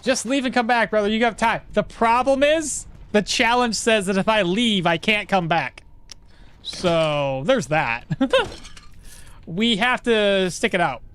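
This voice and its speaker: A man's voice: high voice, animated, measured pace, fairly bright tone, clear, resonant tone. A man streaming a game live, chatting casually with his viewers and laughing often as he plays. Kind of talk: live gameplay commentary to chat.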